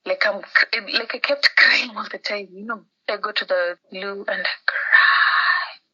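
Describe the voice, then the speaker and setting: A woman's voice: mid-range voice, fairly even intonation, a little slow, bright, forceful tone, breathy edge. A woman with a Kenyan accent, a podcast guest telling a story in casual chat over a phone call. She acts out the people she quotes and drops Swahili words into her talk. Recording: muffled phone-call audio.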